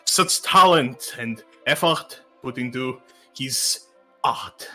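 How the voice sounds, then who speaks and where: A man's voice: medium pitch, takes it slowly, pushed and bright, faint music behind, voice pushed down. A man voicing a flamboyant, gushing male photographer with a put-on flair. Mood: flattering. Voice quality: pompous, gushing, theatrical. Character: flamboyant courteous male art-loving photographer.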